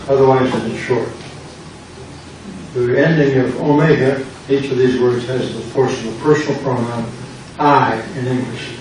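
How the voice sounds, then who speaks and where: Older guy lecturing a class, patient and repeats himself, recorded from far off in a boomy room with noise. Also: heavy reverb. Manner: slow, patient explaining with repetition. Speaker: pastor teaching a Greek class. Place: church classroom.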